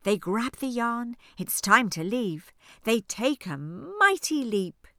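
Woman storybook narrator, unhurried and highly animated, dry studio sound. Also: no room sound. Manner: expressive, rhyming sing-song delivery. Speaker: audiobook narrator. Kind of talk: children's storybook reading. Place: recording studio. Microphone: studio microphone.

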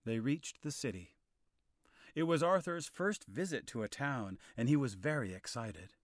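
A man narrating a storybook in a clear, expressive style. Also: medium pitch, moderate pace, no room sound, studio quality.

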